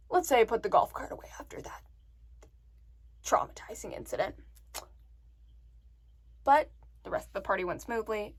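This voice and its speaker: High-voiced chatty woman telling a story. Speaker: vlogger. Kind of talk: casual story time.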